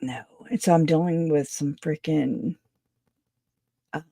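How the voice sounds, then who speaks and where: A woman's voice: sits low, steady tone, takes it slowly, vocal fry, warm tone, dry recording, clean studio sound. A woman hosting a call-in show, chatting casually, rambling and laughing often, trailing off mid-thought. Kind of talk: casual chat. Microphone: video call.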